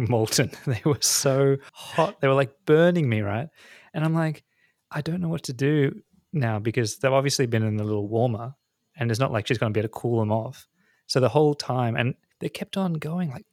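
A man's voice: medium pitch, no room sound, studio quality. A man co-hosting a podcast, chatting casually and telling jokey stories with frequent laughs. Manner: joking, storytelling, laughs often. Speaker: podcast co-host. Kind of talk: casual chat.

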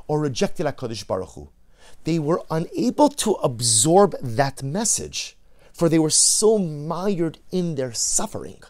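Male preacher, storytelling sermon, emphatic and animated delivery. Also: a little high. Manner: animated, rising to emphatic peaks, acting out quoted voices. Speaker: rabbi giving a Torah lecture.

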